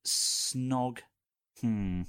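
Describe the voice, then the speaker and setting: A man's voice: mid-range voice, drawn-out words, a bit bright, clear, resonant tone, no echo, studio quality. A man, a guest on a podcast, chatting casually in a jokey, self-deprecating way and laughing often. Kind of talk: casual chat.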